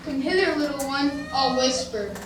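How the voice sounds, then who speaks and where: A woman's voice: high-pitched, background noise, close to an everyday voice. An older woman playing a sly, coaxing crocodile. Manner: slow, coaxing invitations. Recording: echoey hall from far off.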